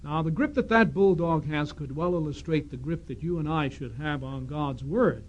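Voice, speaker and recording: A man preaches to a congregation with emphatic, questioning delivery. He reads scripture aloud, and his fairly high voice sits on a dull, lo-fi 1970s tape. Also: moderate pace. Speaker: congregation speaker. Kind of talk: sermon with audience questions. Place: congregation hall.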